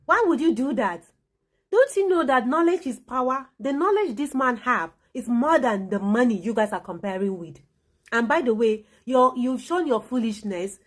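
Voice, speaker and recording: A woman's voice: fairly high pitch, animated, moderate pace. Female vlogger, casual and indignant reaction talk. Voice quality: indignant, chatty. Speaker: channel host.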